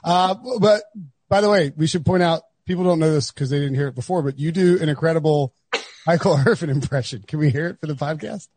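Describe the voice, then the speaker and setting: A man's voice: fairly high pitch, fast, darkish tone, no echo. A man from North Carolina hosting a podcast in casual, rambling chat with many restarts. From North Carolina, USA. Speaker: podcast host.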